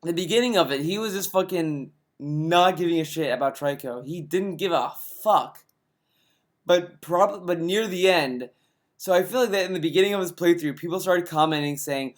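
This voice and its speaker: Sarcastic male ranter, fairly high voice, swearing nonstop, exasperated reaction commentary. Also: moderate pace.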